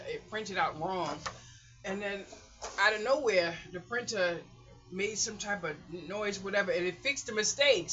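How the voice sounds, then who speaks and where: A middle-aged woman, rambling through a casual home vlog in a chatty, animated way. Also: on the low side, lo-fi sound. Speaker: vlogger. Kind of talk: casual chat. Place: hot apartment room at home.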